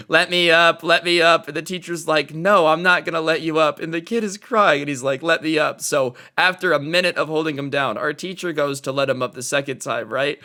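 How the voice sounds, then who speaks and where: Bright, crisp young man telling a story. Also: medium pitch. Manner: slangy, animated, lots of "dude" and "like". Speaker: storytime channel host. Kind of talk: casual storytime.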